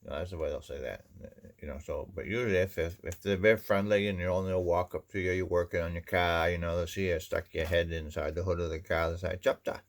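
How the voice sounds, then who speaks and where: A man with a Maine accent talks in a rambling, folksy way, padding his sentences with "you know". His voice sits very low and has a heavy gravelly fry. He sounds like he is chatting to a camera on a lazy afternoon. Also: steady tone, quick pace. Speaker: vlogger. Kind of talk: casual folksy monologue.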